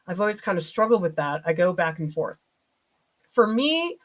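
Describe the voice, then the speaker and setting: Painting live and answering chat, this middle-aged art professor has a fairly low-pitched voice and an animated, chatty storytelling style punctuated by laughs. The recording is rough.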